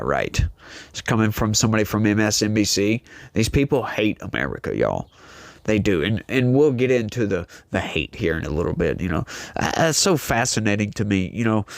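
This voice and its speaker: A man's voice: fairly low pitch, vocal fry, no room sound. Emphatic male political commentator, dry sound. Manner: emphatic, preachy, talks straight to the audience with "folks" and "y'all". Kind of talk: opinionated political commentary monologue.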